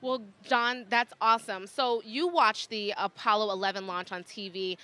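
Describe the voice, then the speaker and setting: A woman with a bright, crisp voice hosts a broadcast. She presents in an upbeat, polished manner. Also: medium pitch, moderate pace. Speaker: broadcast host. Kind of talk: live broadcast hosting.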